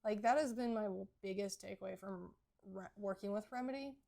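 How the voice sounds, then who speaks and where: A woman co-hosts a relaxed podcast conversation about horses. Her voice carries a gravelly, fry-tinged texture. She talks in an earnest, explanatory way, handing out practical advice. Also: mid-range voice, fairly quick. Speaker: podcast co-host. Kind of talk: casual horse podcast chat.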